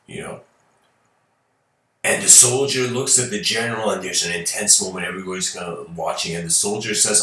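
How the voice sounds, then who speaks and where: A man's voice: mid-range voice, expressive, normal speed, a bit bright. A man giving a lecture, telling a story casually with many fillers and chuckles. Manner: loose and rambling, heavy on fillers, chuckles. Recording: roomy, from a distant mic.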